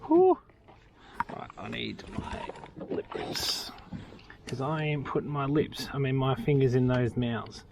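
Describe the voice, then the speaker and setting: An Australian man fishing from a kayak outdoors, narrating to an action camera and bursting into excited exclamations. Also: medium pitch, slow, creaky, noisy background. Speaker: fishing vlogger. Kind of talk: casual fishing commentary. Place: outdoors on a kayak on open water.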